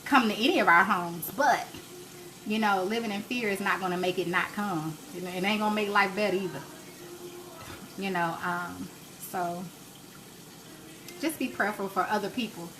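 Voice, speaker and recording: A woman's voice: medium pitch, moderate pace, long pauses, a bit bright, slight background noise, rough recording. A woman, hosting a live home cooking stream, chatting with viewers and urging them to pray. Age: 30s. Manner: chatty, preachy, encouraging faith talk. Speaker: cooking show host. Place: home kitchen.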